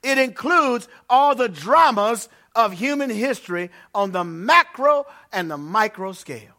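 A male pastor delivers a sermon in a church, his voice pitched high and strikingly bright. He preaches with emphasis and grows loud when he reads scripture. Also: expressive, unhurried. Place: church before a congregation.

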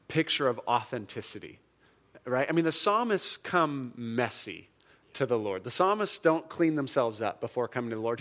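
A man preaching a sermon in a casual, conversational way, full of fillers and restarts and jumping up for emphasis. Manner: animated, jumps up in pitch and volume for emphasis. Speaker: pastor.

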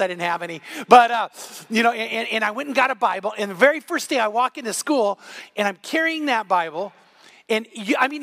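A man's voice: extremely high pitch, a bit bright, no room sound. A middle-aged man preaching a sermon as pastor, telling stories and acting out the voices in them. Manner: storytelling, acts out quoted voices.

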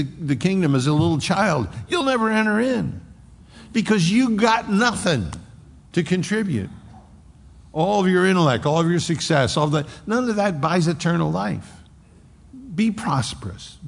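A man preaching a sermon as pastor, emphatic, moving between raised and hushed delivery and explaining scripture with homely asides. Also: fairly high pitch, creaky, slightly rough, in a large hall. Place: church sanctuary.

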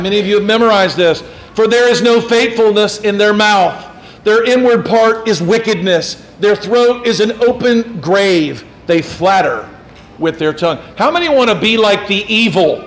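High-voiced male pastor preaching. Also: low-quality recording. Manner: mimics flatterers in soft fawning asides; reads scripture in King James wording. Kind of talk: sermon.

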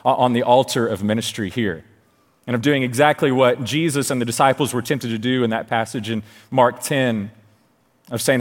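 A man in his thirties, a children's ministry leader, telling a personal story in a sermon, excited and lively. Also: medium pitch. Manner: excited, storytelling, quick asides. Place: large church stage. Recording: long hall reverb.

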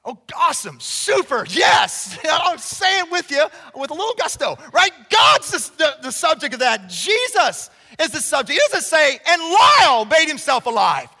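High, bright-voiced male preacher in a hall. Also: very animated, normal speed, vocal fry, few pauses. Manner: emphatic, swings between loud declarations and hushed passages; conversational asides to the congregation. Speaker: pastor. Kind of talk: sermon. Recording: long reverb of a large hall.

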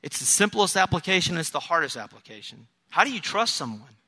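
Male pastor, middle-aged, sermon delivery; high-pitched and piercingly bright; storytelling, quotes imagined voices. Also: very animated, a little fast. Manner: storytelling, quoting imagined voices, emphatic repetition.

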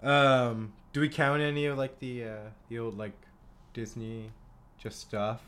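A man's voice: mid-range voice, little pitch movement, unhurried, a bit bright. A young man co-hosting a podcast, telling rambling stories in casual chat with lots of fillers. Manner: rambling storyteller, frequent fillers and laughter. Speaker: podcast co-host.

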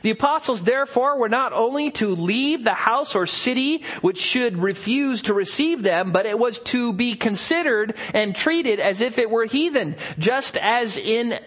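A man's voice: extremely high pitch, animated, unhurried, hardly any pauses, fairly bright tone. A pastor preaching an expository sermon, earnest and emphatic, asking his listeners rhetorical questions.

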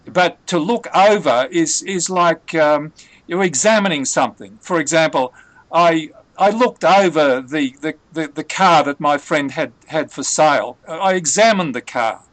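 A man with a slightly raised pitch explains phrasal verbs patiently, pausing often on fillers and restarting his sentences. His voice is recorded close and dry, with no room sound. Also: fairly bright tone, no room sound. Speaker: English tutor. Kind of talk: conversational language lesson.

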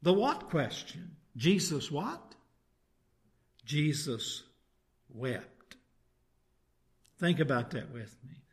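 Man preaching a sermon, slightly high. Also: big pitch swings, unhurried, few pauses. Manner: reads scripture aloud, then preaches with rhetorical tag questions. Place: church.

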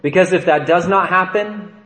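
Priest preaching in an echoey church. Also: male voice, high-pitched, moderate pace, fairly bright tone. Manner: conversational preaching with frequent "right?" asides. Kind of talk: sermon.

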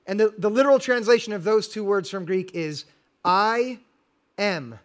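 A man's voice: high-pitched, normal speed. A middle-aged male pastor preaching a sermon, earnest and building to emphatic exhortation.

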